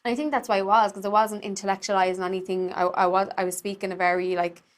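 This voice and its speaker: A woman's voice: mid-range voice, little pitch movement, quick pace. A young woman with a Dublin accent, an Irish theatre maker chatting casually and rambling with many fillers. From Ireland. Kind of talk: casual conversation.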